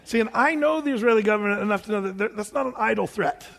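A male preacher with a high, creaky, fairly bright voice talks fast through a personal story for his live congregation. Chatty and self-amused, he laughs a lot, and the recording carries the long reverb of a large hall.

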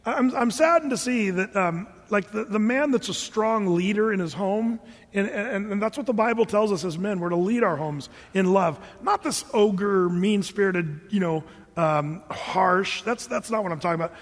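A man's voice: high voice, moderate pace, big-room sound. A man preaching a sermon, telling the story with humor and acting out the characters. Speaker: pastor.

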